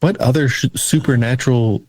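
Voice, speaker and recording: A man in his thirties, co-hosting a movie review podcast in an easygoing, measured casual chat. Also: medium pitch, a little mellow, no echo. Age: 30s. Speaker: podcast co-host.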